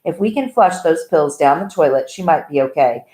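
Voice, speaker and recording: A woman's voice: low-pitched, animated, moderate pace, darkish tone. A woman reading aloud voices a teenage boy who speaks in a plain, firm, resentful way, in an echoey room. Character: angry, steady teenage brother.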